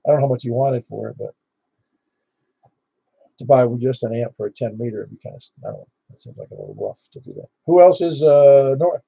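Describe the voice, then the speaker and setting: Over a radio transceiver mic, the host of a ham radio net keeps up laid-back, wandering chatter packed with filler words. The sound is dull, dry and lo-fi, and his mid-range voice comes fairly quickly, gravelly with a breathy edge.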